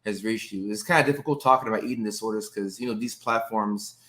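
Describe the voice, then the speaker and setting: A man's voice: on the low side, fast, fairly bright tone. Upbeat man in his thirties hosting a live stream. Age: 30s. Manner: upbeat, greets viewers by name, many fillers. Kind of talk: casual live-stream chat with viewers.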